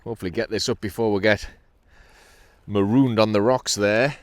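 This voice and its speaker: A man's voice: on the low side, fairly even intonation, moderate pace, no echo. A middle-aged man with a Geordie accent, cheerfully narrating his own sea fishing from a kayak in casual commentary. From North East England. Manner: cheerful, chatty, breaks into laughs and exclamations. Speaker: kayak angler and channel host.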